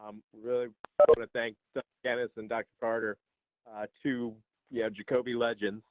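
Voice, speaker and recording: A man hosting a residents' video call, giving brisk thankful closing remarks. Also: mid-range voice, level tone, dry recording. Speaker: chief resident hosting the chat. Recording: tinny phone-like call audio.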